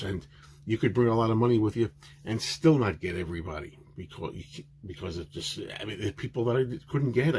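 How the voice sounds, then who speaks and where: Man, very low voice, casual rambling collector vlog, lots of "uh"s, faint hum behind. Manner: rambling, many filler pauses and restarts; chatty and enthusiastic. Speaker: autograph collector vlogger. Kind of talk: casual show-and-tell narration.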